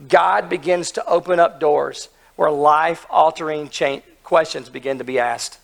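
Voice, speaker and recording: A hoarse man preaching an earnest, emphatic sermon, asking his listeners questions as he retells a story. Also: fairly high pitch. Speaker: pastor.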